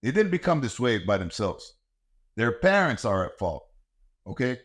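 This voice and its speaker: Speaking at a normal pace with a medium-pitched, very animated voice, a middle-aged man goes on a profane, heated tirade about child-rearing. He's a podcast host who coaches martial arts, and he doesn't mince words.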